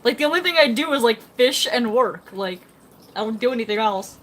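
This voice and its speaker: A woman's voice: on the high side, lively intonation, brisk, a bit bright, a little hiss or hum. A young woman chatting casually on a live stream, rambling and reading out chat comments beside her fish tank at home. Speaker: fish-keeping livestreamer.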